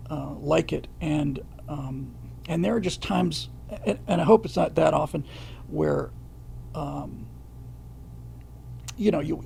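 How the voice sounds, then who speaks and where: Here a middle-aged livestreamer speaks in a slightly high, gravelly voice with a dark tone, against slight background noise. His casual chat includes reading viewer questions and comments aloud, and it's halting, with frequent fillers and restarts.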